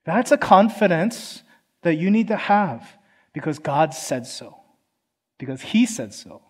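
A pastor from Philadelphia delivering a sermon to his congregation. He talks in an earnest, chatty way, with a voice pitched a little above most men. He often slips into quoted voices to make his point. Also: very animated, measured pace, breathy edge. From Philadelphia, USA. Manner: conversational, earnest, acts out quotes. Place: church.

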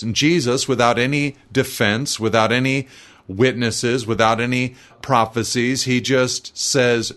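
A male preacher works through a scripture passage in a measured, explanatory way. His voice sits at an ordinary middle pitch, and he reads verses aloud before unpacking them for his listeners. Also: fairly bright tone. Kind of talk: expository sermon.

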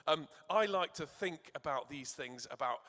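A man with a fairly high, bright and forceful voice gives a sermon in a church. He keeps drawing in the children, encouraging them to shout out answers. A long reverb hangs around his words. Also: lively intonation, normal speed. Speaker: church speaker.

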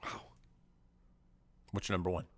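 A man co-hosting a podcast, chatting casually about movies in a rambling way, full of restarts and crude jokes. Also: unhurried. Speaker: podcast co-host.

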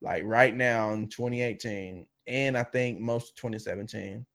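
A man's voice: fairly low pitch, normal speed, vocal fry. Brash swearing male podcast host. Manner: brash, swears freely, animated. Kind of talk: casual chat.

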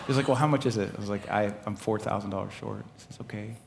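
Animated preaching man in a reverberant hall. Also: lowish voice, a little fast, vocal fry, background noise. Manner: animated, laughing, swinging from loud preaching to quiet storytelling. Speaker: pastor. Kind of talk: sermon with personal story. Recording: live hall with long reverb and faint ambience.

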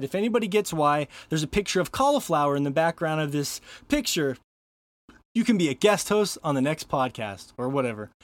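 A man's voice: on the high side, no echo. A man hosting a casual podcast chat, joking and laughing often as he introduces his co-hosts. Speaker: podcast host.

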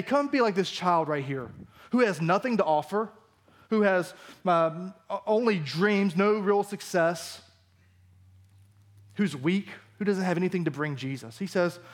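A male pastor preaching a sermon in a church, acting out the disciples' lines as he goes. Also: sits high. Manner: animated, acts out the disciples' lines.

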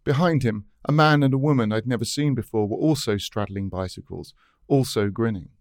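A man's voice: medium pitch, fairly quick, a little mellow, no room sound. A man reading his own essay aloud in a dry, wry, scripted narration.

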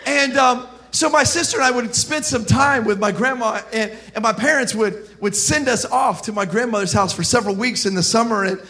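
A pastor from South Florida preaching a sermon, telling stories in an animated, joking way and shouting his punchlines. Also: very high voice, a little fast, hardly any pauses.

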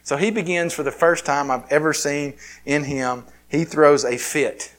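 A man's voice: a little high, fairly even intonation, a little slow, a bit bright. A man preaching a sermon, telling a personal story in a conversational, self-deprecating way. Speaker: pastor.

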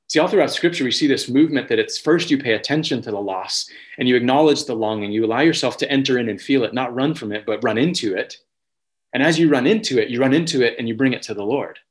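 Male pastor, mid-range voice, earnest sermon delivery with frequent restarts and prayerful lifts. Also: mid-range voice. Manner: earnest, halting restarts, rises when voicing prayer.

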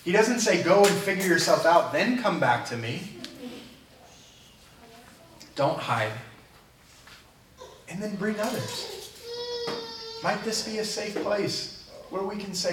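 A man's voice: sits high, big pitch swings, slow, long pauses, reverberant, far from the mic, noisy background. A man preaching a sermon as a pastor in a church, earnest and conversational, talking plainly to his congregation. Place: church sanctuary.

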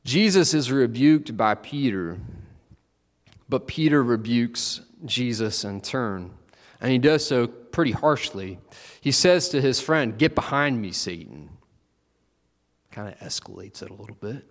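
A man's voice: mid-range voice, animated, a little slow, in a large hall. A man preaching a conversational sermon, acting out the disciples with playful asides.

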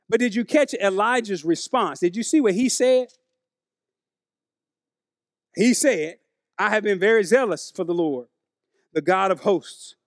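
A man's voice: high voice, no echo, studio quality. A man, preaching a conversational sermon to his congregation. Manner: conversational preaching, animated, addresses congregation as y'all. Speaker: pastor.

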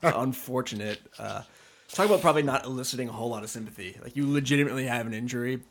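A man's voice: medium pitch, very fast. A man co-hosting a podcast in casual conversation, thoughtful and hedging, often restarting his sentences as he works through ideas. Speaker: podcast co-host.

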